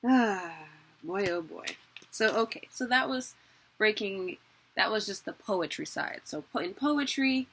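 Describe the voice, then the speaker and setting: A woman's voice: mid-range voice, lively intonation, measured pace, fairly bright tone. A young woman giving a casual, chatty online lesson, laughing at herself as she explains. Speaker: teacher.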